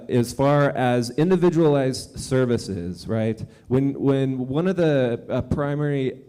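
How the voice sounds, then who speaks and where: A man's voice: medium pitch, mellow, clear, resonant tone. A man moderating a public panel discussion, speaking loosely with many fillers and keeping the session moving. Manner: loose, filler-heavy, keeps things moving.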